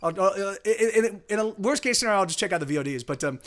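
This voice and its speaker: High-voiced man rambling on a live stream. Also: animated, quick pace, a bit bright. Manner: rambling, many restarts and swearing. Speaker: music streamer. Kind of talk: casual live-stream chat. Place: home streaming setup in Austin.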